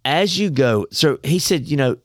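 On a casual faith podcast, a male co-host with a fairly high, lively voice chats in a folksy, conversational way, slipping in preachy asides. He speaks at a normal pace, and the audio is studio quality with no room sound.

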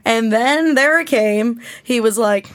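A young woman casually telling a long story on a podcast, animated and full of swearing. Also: on the high side, takes it slowly, no echo. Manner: profane, animated, rambling storytelling.

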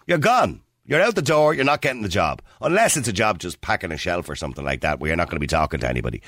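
A man with a Dublin Irish accent hosting a radio phone-in, talking bluntly and forcefully, arguing his point. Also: low voice, sing-song, racing, few pauses, no room sound, clean studio sound. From Ireland (Dublin). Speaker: radio show host. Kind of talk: opinionated radio phone-in talk.

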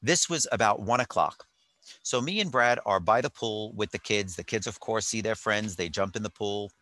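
Bright-toned man, chatty and rambling. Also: fairly low pitch, moderate pace, no room sound. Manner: chatty, rambling, wry asides. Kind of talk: casual storytelling monologue. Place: hotel on vacation.

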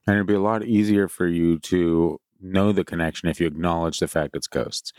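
A man's voice: low-pitched, fairly even intonation, moderate pace, a little mellow, dry recording, studio quality. A man co-hosting a casual podcast, joking around and running the soundboard. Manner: jokey, playful, throws in silly voices.

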